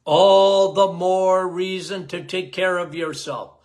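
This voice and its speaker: A man hosting a health podcast in a casual talk, loud and emphatic, repeating key phrases and calling listeners guys. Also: steady tone, takes it slowly. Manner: loud, emphatic, cannot lower his volume.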